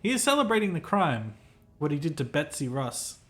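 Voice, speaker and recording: A man's voice: on the high side, sing-song, normal speed, a bit bright. A man voicing a pompous, self-important male hotel clerk in a game, reading the lines aloud in a formal, fussy, theatrical manner.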